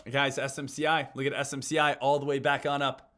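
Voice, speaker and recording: A man's voice: medium pitch, brisk. A man hosting a live stock trading stream, talking energetically and directly to his viewers. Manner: energetic, talks straight to viewers as "guys".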